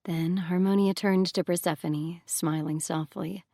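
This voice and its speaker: A woman narrating an audiobook in a calm, measured way. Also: on the low side, dry recording, studio quality. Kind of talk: scripted narration.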